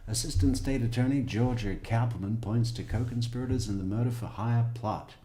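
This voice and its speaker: A man's voice: medium pitch, fairly quick, mellow, reverberant. A man reading a news article aloud as a true crime commentator, breaking in with wry, sarcastic asides.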